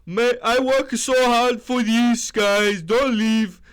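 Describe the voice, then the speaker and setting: A man doing an impression of an earnest adult male fighter who speaks broken English in a high, strained voice. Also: fairly even intonation, takes it slowly, clear, resonant tone. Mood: pleading.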